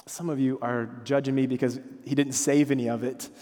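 A man's voice: mid-range voice, flat delivery, fairly quick, mellow. A man in his thirties preaching a sermon in a church, telling stories with self-deprecating humor in a conversational way. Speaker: pastor. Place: church sanctuary. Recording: long hall reverb.

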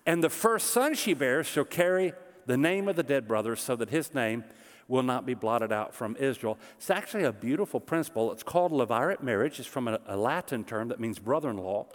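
Pastor preaching in a reverberant hall. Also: male voice, medium pitch, lively intonation, a little fast. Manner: conversational, explanatory preaching with humor. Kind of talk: sermon.

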